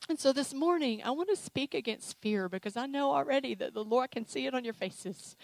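A woman preaching a sermon with an altar call, emotional and animated, with playful acted asides. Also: fairly high pitch, brisk, gravelly, few pauses, no echo, rough recording. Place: church sanctuary.

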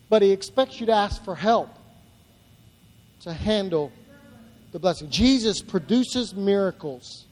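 High-voiced man preaching in a reverberant hall. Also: expressive, measured pace. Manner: preaching with rising emphatic builds and repetition. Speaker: pastor. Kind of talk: sermon. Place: church.

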